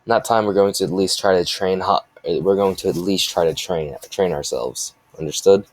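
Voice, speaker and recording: A brash young ninja leader who barks orders in a deep, low voice, as a man puts him on. The sound is dry and close, with no room echo, and the voice stays near the storyteller's own. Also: normal speed, close to an everyday voice. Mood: bossy. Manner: blunt, bossy.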